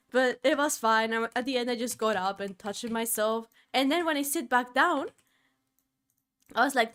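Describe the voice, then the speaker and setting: Woman streamer, casual storytelling, higher-pitched, swings between murmurs and loud outbursts. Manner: expressive, drops to low murmurs then bursts into loud exclamations.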